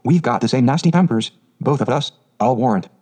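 A man's voice: medium pitch, animated, fairly quick, a little mellow, natural voice. A man doing a surly old Yorkshire gardener. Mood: gruff. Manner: blunt, gruff dialect speech.

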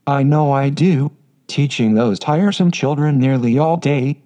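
A man reading the lines of a wistful, complaining eldest sister in an even, unacted synthetic voice. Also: mid-range voice, a little slow, close to an everyday voice.

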